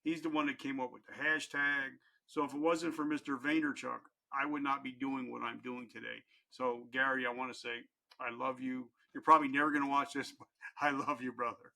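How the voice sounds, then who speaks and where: A man's voice: mid-range voice, level tone, brisk, creaky, pushed and bright. A middle-aged man telling his personal story as a podcast guest, candid and earnest, with blunt, casual language.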